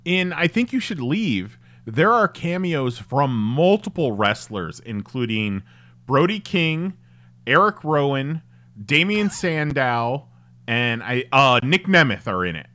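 A man's voice: medium pitch, big pitch swings, takes it slowly, pushed and bright. A man co-hosting a podcast in casual chat, rambling a little as he searches for details. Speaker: podcast co-host.

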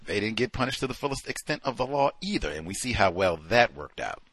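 A man's voice: on the low side, sing-song, quick pace, fairly bright tone, slightly rough, no room sound. A man hosting a call-in show, giving emphatic, sarcastic commentary. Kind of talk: talk radio commentary.

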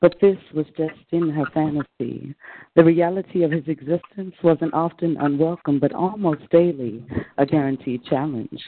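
A woman calling in to perform spoken-word poetry, slow and sultry, and losing her voice. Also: low voice. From Illinois. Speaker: poet and caller. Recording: tinny phone line with faint noise.

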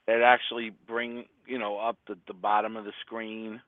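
A man's voice: fairly low pitch, little pitch movement, moderate pace, no room sound. Easygoing man on a tinny line. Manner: laid-back, laughs along, short agreeing replies. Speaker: guest. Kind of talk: casual radio chat. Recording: tinny phone-like sound.

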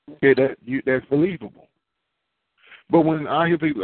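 A man's voice: medium pitch, normal speed, pauses often, no echo. A man preaching a sermon in a conversational way, asking the listeners questions and answering them himself. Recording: tinny phone-line sound, dry.

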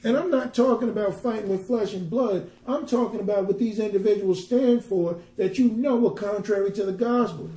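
High-voiced preacher man, echoey room. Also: moderate pace, few pauses, dark tone. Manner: conversational preaching, building to emphatic rhetorical questions. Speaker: minister. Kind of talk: teaching sermon on a Bible passage.

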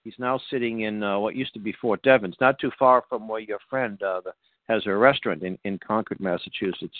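A man's voice: lowish voice, brisk, no room sound. A man from Boston hosting a talk radio interview, rambling through announcements with many fillers and restarts. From Boston, USA. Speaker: radio show host. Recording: dry, tinny phone-like sound.

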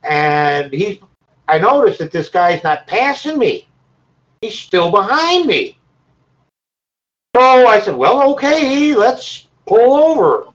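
A man on a group call telling stories casually and laughing at them. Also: on the high side. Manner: animated, laughs at his own stories. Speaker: caller in a discussion group. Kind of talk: casual storytelling. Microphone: call audio. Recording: dull lo-fi call audio.

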